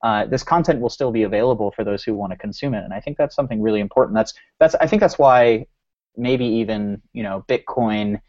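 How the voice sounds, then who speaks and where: A man's voice: lowish voice, fairly quick, a little mellow, highs cut off. A man co-hosting a podcast, musing aloud in a rambling way full of restarts and fillers. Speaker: podcast co-host. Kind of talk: casual podcast discussion.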